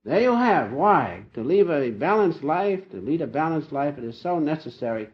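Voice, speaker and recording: An older man giving an informal spiritual talk, telling folksy little stories with gentle humor. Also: fairly high pitch, very animated, normal speed. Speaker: spiritual teacher. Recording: dull lo-fi old recording.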